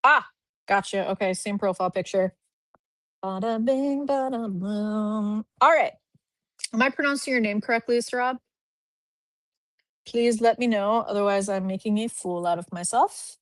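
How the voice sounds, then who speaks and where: Speaking at normal speed with a fairly bright, medium-pitched voice, a woman recruiter pauses often as she live streams. She reviews profiles from her home office, where a dog is nearby, chatting upbeat and thinking aloud as she clicks, with no echo.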